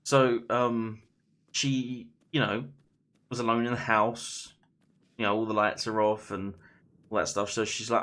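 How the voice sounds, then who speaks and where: A man streaming a game while casually retelling a scary story, halting and full of fillers and restarts. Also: fairly low pitch, level tone, fairly bright tone.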